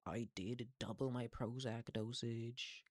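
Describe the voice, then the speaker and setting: An eighteen-year-old man in a casual, profane, rambling monologue, full of halting restarts. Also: mid-range voice, steady tone, no room sound. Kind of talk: casual venting monologue to camera.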